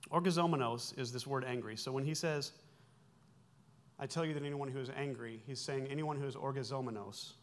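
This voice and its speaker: A pastor in his forties speaks a little fast in a mid-range voice. During his sermon he explains Greek terms in a conversational style, amending himself and offering wry asides.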